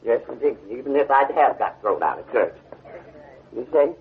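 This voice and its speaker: A man's voice: medium pitch, expressive, normal speed. An older man preaching to a class, stopping again and again to ask whether his listeners see the point. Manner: call-and-response, keeps asking "you see?". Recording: dull old 1970 lecture tape.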